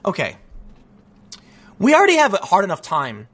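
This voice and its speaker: Commentator: bright, high-pitched man with a lively, swooping delivery, sarcastic and a little congested. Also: normal speed. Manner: animated and sarcastic, with frequent mocking voices. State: stuffy from allergies. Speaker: political commentator. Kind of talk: casual opinion monologue.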